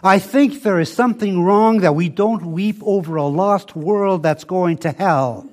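Older preacher, slow and emphatic. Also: male voice. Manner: slow, emphatic preaching with dramatic drops to a soft, low voice. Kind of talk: sermon.

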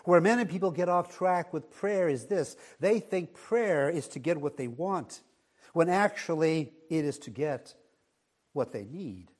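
Male preacher, unhurried sermon delivery, slightly high voice, hushed emphasis on key words. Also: animated. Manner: measured, dropping to a hush on key words.

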